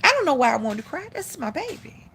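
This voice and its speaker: A woman's voice: high-pitched, sing-song, quick pace, a bit bright, a little hiss or hum. A middle-aged woman hosting a live stream, giving blunt, profane opinions in casual talk.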